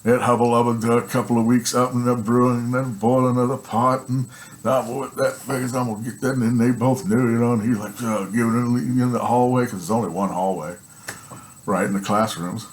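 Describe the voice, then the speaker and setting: A man casually telling a personal story in a rambling, animated way, swearing, often laughing, and checking in with "right?" and "you know". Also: medium pitch, brisk.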